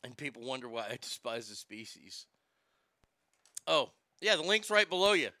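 Brief: male show host, sharp bright tone, dry close sound, profane irreverent comedic commentary. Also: medium pitch, sing-song, normal speed, no echo.

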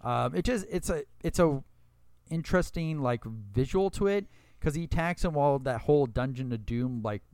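A man's voice: medium pitch, lively intonation, normal speed, a little mellow, no echo. A man co-hosting a podcast, chatting casually and wryly while recapping a match. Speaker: podcast co-host. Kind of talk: casual wrestling recap chat.

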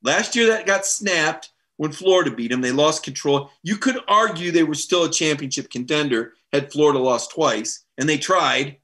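A man's voice: on the high side, expressive, normal speed, hardly any pauses, a bit bright. A middle-aged man hosting a live sports show, chatting casually and upbeat as he reads viewer comments and acts out quoted voices.

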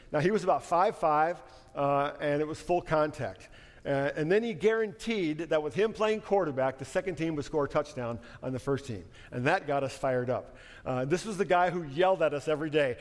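A middle-aged man preaching a sermon in a conversational, storytelling way. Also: a little high. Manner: conversational, anecdotal, animated in stories. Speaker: pastor. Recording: long hall reverb.

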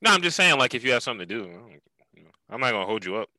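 A man's voice: medium pitch, sing-song, racing, pushed and bright, no echo, poor audio. A young man hosting a podcast in laid-back casual chat, swearing often and calling his guest dude. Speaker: podcast host.

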